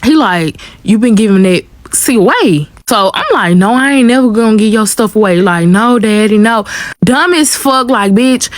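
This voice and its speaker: A young woman tells a story in a casual, animated way, cursing freely and talking straight to her viewers. Her voice sits fairly high. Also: normal speed, hardly any pauses. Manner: animated, profane, addresses viewers as y'all.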